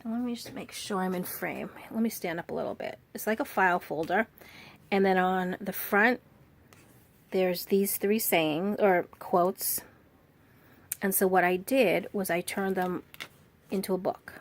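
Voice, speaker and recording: A woman's voice: fairly low pitch, measured pace. A woman walking through a handmade journal she made, gushing over each page with many fillers and restarts, her voice a little worn. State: slightly losing her voice. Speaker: crafter showing a handmade journal. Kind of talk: casual show-and-tell walkthrough.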